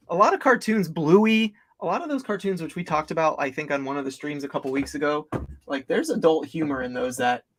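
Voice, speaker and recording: Gravelly guy rambling on a livestream, kinda high voice, amused. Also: fairly bright tone. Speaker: livestream co-host. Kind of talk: casual livestream chat.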